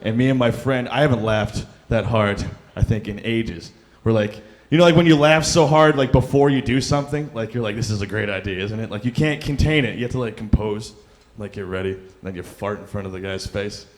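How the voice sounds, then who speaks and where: A young stand-up comic works a club stage mic, his medium-pitched voice brisk with hardly any pauses. His set rambles, full of fillers and self-deprecating jokes.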